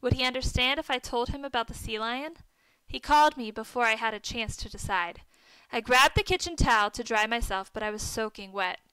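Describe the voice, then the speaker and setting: Bright, high-voiced woman reading a story. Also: fairly quick, clean tone, dry recording, poor audio. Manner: reads dialogue with lively lifts for the boys' shouts. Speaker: narrator.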